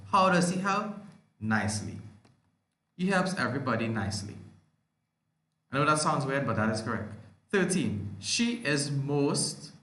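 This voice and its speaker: A man with a Trinidadian accent teaches an online grammar lesson in a bright, forceful voice. He works through examples step by step and poses questions only to answer them himself. The recording is roomy and echoey. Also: mid-range voice. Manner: explains step by step, asks and answers his own questions. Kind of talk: online language arts lesson. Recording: echoey room.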